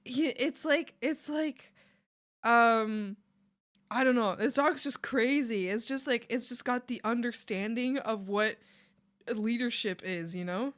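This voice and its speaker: Excitable bright-voiced woman streamer. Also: fairly high pitch, slow. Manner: excitable, laughs often, rambling with many fillers. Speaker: art streamer. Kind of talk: casual live-stream chat.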